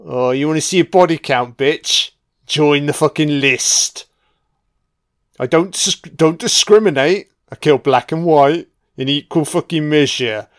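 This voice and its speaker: A man puts on a masked slasher killer who taunts his victims with profanity. He speaks, slow and sneering. His voice sits a touch high and comes through clear and smooth. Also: close to an everyday voice. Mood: taunting.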